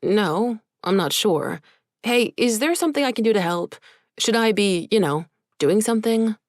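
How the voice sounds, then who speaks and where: A woman's voice: medium pitch, animated, normal speed, dry recording, voice pushed up, natural voice. Teen boy, wry and eager, joking tone , woman reader voicing him, dry close sound.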